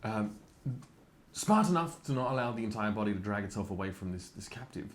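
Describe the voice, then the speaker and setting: A man's voice: lowish voice, animated, a little fast, reverberant, a little hiss or hum. A man playing in a tabletop roleplaying game, asking questions and planning aloud. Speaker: player.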